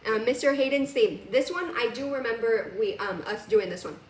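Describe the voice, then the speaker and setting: A woman's voice: fairly high pitch, expressive, normal speed, roomy sound, far from the mic, a little hiss or hum. A woman teaching a piano lesson on video, chatty and casual, laughing now and then. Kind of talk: recorded music lesson. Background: piano playing.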